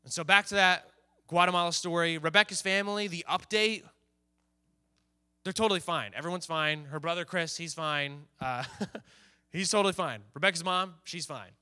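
Bright-voiced man giving a youth sermon. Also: fairly high pitch, moderate pace, clear, resonant tone. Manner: conversational, plays out teens' inner voices. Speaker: youth pastor.

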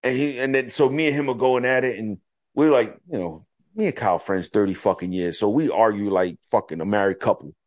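A man's voice: fairly low pitch, a little fast. A man co-hosting a podcast in casual chat, telling stories with lots of swearing and quoted back-and-forth. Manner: profane, animated storytelling with quoted voices. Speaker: podcast co-host.

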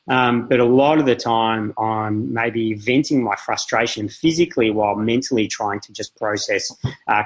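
A husky-voiced man in his thirties, chatting as a podcast guest. He rambles through his stories with plenty of "um"s and restarts, poking fun at himself. His pitch sits in an ordinary middle range. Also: low-quality recording. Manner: rambling, self-deprecating, frequent fillers and restarts. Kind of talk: casual interview storytelling.

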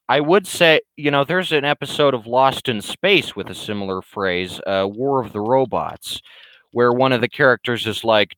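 Blunt, forceful man ranting. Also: lowish voice, moderate pace, no echo, low-quality recording. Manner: rambling, blunt, full of restarts and fillers. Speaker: vlogger. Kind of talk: casual opinionated rant.

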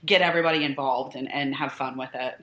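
A woman's voice: extremely low pitch, fairly even intonation, fast talker, a bit bright, roomy sound. A woman event planner from New Orleans, guesting on a podcast, friendly and giggly, with many ums as she talks. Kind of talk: casual interview chat.

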